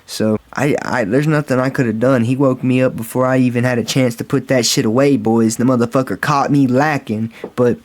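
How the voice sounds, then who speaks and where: A man's voice: medium pitch, steady tone, fairly quick, few pauses. A man telling a casual storytime vlog story, rambling and swearing freely and calling his viewers guys and bro. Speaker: storytime vlogger.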